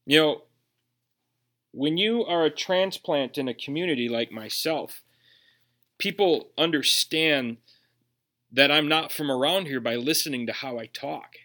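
A man's voice: on the high side, measured pace, long pauses, pushed and bright. A man with a Minnesotan accent, preaching a sermon earnestly, with emphatic rhetorical questions. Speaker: pastor.

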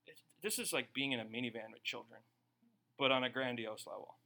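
A man preaching a sermon to his congregation, animated and conversational, often slipping into acted-out voices of the people in his stories. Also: mid-range voice, brisk, creaky. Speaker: pastor.

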